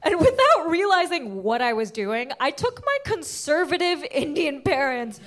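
High-voiced animated woman comic. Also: moderate pace, background noise. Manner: animated, excitable storytelling with sudden high outbursts. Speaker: stand-up comedian. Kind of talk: stand-up comedy set.

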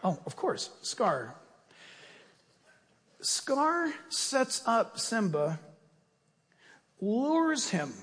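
A male pastor delivering a sermon and then a fervent, loud closing prayer. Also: very high-pitched, very animated, very slow, long pauses, in a large hall.

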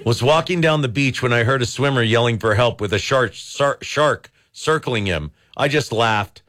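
A man's voice: mid-range voice, normal speed, a bit bright. A man hosting a call-in radio show, reading jokes and beer trivia with laughing asides. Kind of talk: casual radio call-in chat.

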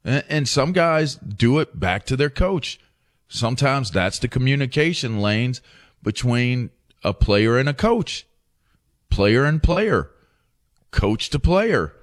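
A man co-hosting a sports talk show, relaxed and joking with casual restarts. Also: mid-range voice, takes it slowly. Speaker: sports podcast co-host. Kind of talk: casual chat.

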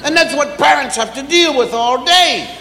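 A middle-aged man doing an animated stand-up routine, acting out parents scolding children. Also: very high-pitched, normal speed, slight background noise. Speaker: stand-up comedian. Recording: echoey live hall.

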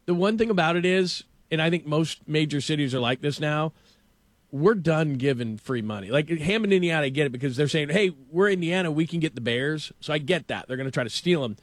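A man hosting a casual sports talk show, animated and opinionated, stumbling over restarts as he rants. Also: fairly high pitch, fairly quick, no echo. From Los Angeles.

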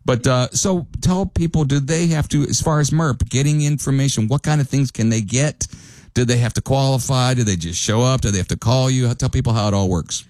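A man's voice: mid-range voice, a little fast, darkish tone, dry recording. A man hosting a radio interview, chatty and rambling, with a slight Pittsburgh accent. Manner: chatty, rambling, laughs easily. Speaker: radio host. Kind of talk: casual interview chat.

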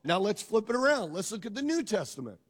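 High-pitched preacher in a ringing hall. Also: male voice, sing-song, fast. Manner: emphatic, calls out to the congregation. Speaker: pastor. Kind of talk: sermon. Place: church sanctuary. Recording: long reverb of a large hall.

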